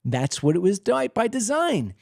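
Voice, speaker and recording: Fired-up male host, high and lively. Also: moderate pace, gravelly, no room sound, studio quality. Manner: emphatic, heated, acts out other people's reactions. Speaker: political commentary host. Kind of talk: opinionated monologue. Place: at his desk at home.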